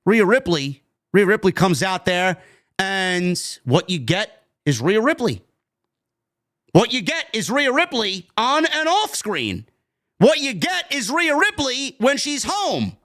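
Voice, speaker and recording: A man's voice: high-pitched, very animated, slow pace, a bit bright. A man with a New York accent reviewing a wrestling show in a heated, profane, repetitive rant. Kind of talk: ranting commentary.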